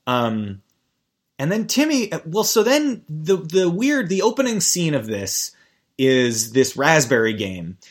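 A man's voice: fairly high pitch, huge pitch swings, measured pace. A man recapping a cartoon episode in casual chat, rambling, restarting sentences and amused. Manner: rambling, self-interrupting, amused. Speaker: podcast host recapping a cartoon.

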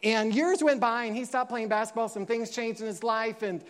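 In this sermon, the man, a pastor, mixes animated storytelling and acted-out quotes marked by big pitch jumps with gentle, unhurried emotional stretches.

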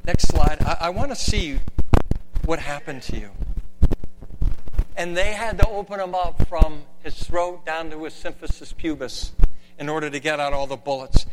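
A man preaching with slides, swinging from hushed tones to shouting. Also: on the high side, moderate pace, long reverb tail, very noisy. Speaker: pastor. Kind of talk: sermon with slides.

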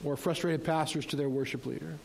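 A man's voice: fairly high pitch, steady tone, fairly quick, vocal fry, slight background noise, low-quality recording. Conversational male pastor preaching. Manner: conversational, rhetorical questions, light humor. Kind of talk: sermon.

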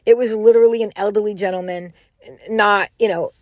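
A middle-aged woman telling a personal story in a casual, animated way, acting out what people said. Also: medium pitch, fairly quick, dry recording. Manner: animated, quotes people in raised voices.

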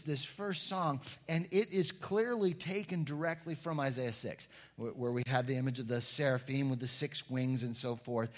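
Animated man preaching a sermon. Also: medium pitch, slightly rough. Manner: animated, emphatic teaching with asides. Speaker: pastor.

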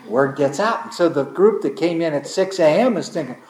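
Male pastor, slightly high voice, casual storytelling sermon, big dramatic emphasis, roomy reverb. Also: expressive, a little fast, few pauses, darkish tone. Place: congregation hall. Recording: echoey room.

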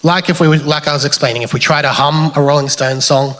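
A man with an Australian accent giving a relaxed, chatty sermon with slides, thinking aloud as he goes. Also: fairly high pitch, fairly quick. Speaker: preacher. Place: church hall. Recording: long hall reverb.

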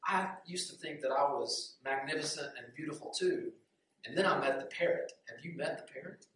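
A man voicing a gracious male swan who speaks softly and modestly. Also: a little high, brisk, close to an everyday voice. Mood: humble. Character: gracious male swan, once proud, now humbled. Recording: very echoey room, distant mic.

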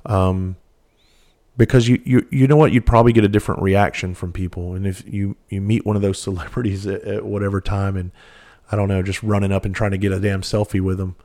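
A middle-aged man with a fairly low voice hosts his podcast solo. He spins a long story in a loose, candid way, swearing freely and doubling back on his words. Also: level tone, brisk, mellow. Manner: candid, profane, rambling with restarts. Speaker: podcast host. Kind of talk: casual storytelling monologue.

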